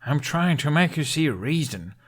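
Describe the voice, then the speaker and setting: Guy doing fed up young viking squire, high pitched, yelling at his friends. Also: big pitch swings, moderate pace. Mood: exasperated. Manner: exasperated, shouting.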